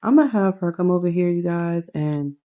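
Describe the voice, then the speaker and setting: A woman's voice: on the low side, normal speed, dark tone. A woman casually narrating a life-sim game story, chatting to viewers with fillers along the way. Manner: chatty, addresses viewers as "you guys".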